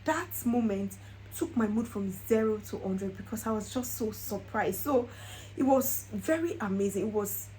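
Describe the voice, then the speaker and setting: A woman's voice: medium pitch, animated, normal speed, a little mellow, a little hiss or hum, low-quality recording. A young woman, telling a personal story in a casual vlog and laughing often. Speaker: vlogger.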